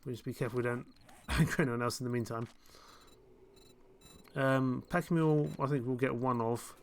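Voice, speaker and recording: A man's voice: medium pitch, steady tone, normal speed. A young man chatting through a live gameplay stream, rambling and self-mocking, chuckling often. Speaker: game streamer. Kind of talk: casual live gameplay commentary.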